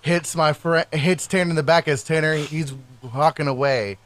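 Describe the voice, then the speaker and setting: High-voiced man telling a rowdy story. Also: normal speed, slight background noise. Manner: animated, profane, acts out quotes loudly. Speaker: podcast co-host. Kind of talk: casual storytelling chat.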